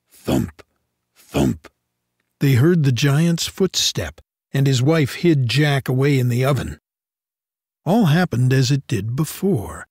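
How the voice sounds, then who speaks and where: A man reading a fairy tale aloud in an expressive, unhurried storytelling manner. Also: medium pitch, no echo, clean studio sound.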